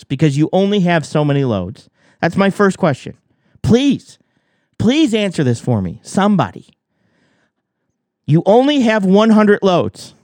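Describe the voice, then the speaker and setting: A man's voice: sits high, no echo. A man giving heated commentary on trucking, arguing with rhetorical questions. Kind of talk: reaction commentary.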